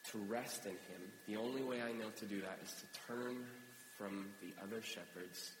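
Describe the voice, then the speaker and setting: A man with a fairly low voice preaches in a relaxed, conversational way and gets lively when retelling a story. The sound is roomy with a long hall reverb. A steady hum sits under his voice. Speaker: pastor. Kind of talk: sermon.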